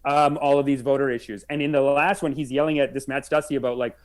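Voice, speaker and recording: A man's voice: mid-range voice, fast, few pauses. Sarcastic man co-hosting a podcast. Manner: sarcastic, blunt. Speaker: podcast co-host. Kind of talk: casual podcast commentary.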